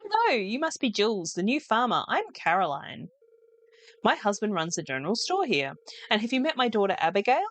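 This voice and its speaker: A woman's voice: medium pitch, sing-song, normal speed, no room sound, voice pushed up, natural voice. Woman doing a gossipy village mom, chatty and bouncy. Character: chatty mother, proud of her daughter.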